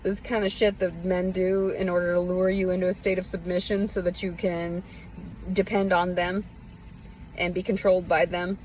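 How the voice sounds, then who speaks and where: A woman's voice: lowish voice, level tone, normal speed, a little mellow, slight background noise, low-quality recording. A woman with a Southern US accent ranting bitterly and profanely in a rambling, unscripted monologue. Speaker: vlogger. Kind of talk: unscripted personal rant.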